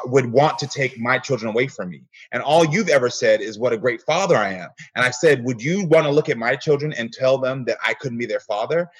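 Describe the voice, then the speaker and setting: Earnest male guest, husky, relives conversations as he tells them. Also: mid-range voice, a bit bright, lo-fi sound. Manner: earnest storyteller, acts out quoted exchanges. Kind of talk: casual interview conversation.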